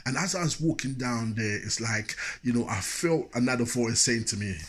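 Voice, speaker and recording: A man's voice: mid-range voice, normal speed, fairly bright tone. A man telling a personal story as a motivational speaker, chatty and full of asides.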